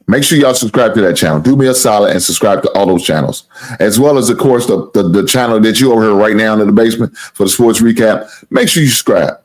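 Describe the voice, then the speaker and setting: Deep-voiced man rambling on a sports stream. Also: fast. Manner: rambling, repetitive, plugs the channel, swears casually. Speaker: sports talk show host. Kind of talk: casual live-stream sports talk.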